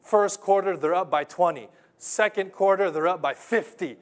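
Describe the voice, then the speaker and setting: Male pastor mid-sermon, somewhat high pitch, animated storyteller who drops to hushed earnest tones. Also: normal speed. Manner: animated storytelling preacher, swings from loud to hushed.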